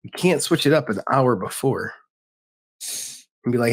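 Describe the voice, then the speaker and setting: A man's voice: medium pitch, lively intonation, a little fast, vocal fry, slightly rough. Slangy, joking livestream host, a man. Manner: loose, joking, talks straight to chat with slang. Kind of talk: casual livestream chat.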